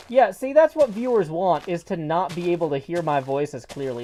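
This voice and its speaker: A playful man talks to his stream chat while he plays, drifting from joke to joke. His voice comes through muffled by a mask, dark in tone, and swings widely in pitch as he riffs. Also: lively intonation, moderate pace, few pauses, slight background noise. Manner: rambling, playful, jokey asides. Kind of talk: casual livestream chat while gaming. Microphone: mask worn over the face.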